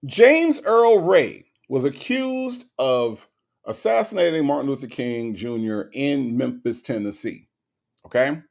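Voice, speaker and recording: A man's voice: medium pitch, animated, unhurried, gravelly, darkish tone. A man hosting a live stream, talking to his chat in an emphatic, sarcastic, repetitive rant. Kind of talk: casual commentary to chat.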